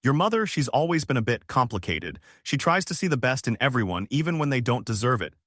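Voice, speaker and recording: Male reader as a gentle, weary middle-aged father, dry close sound. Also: mid-range voice, sing-song, fairly quick, no echo. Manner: soft and careful.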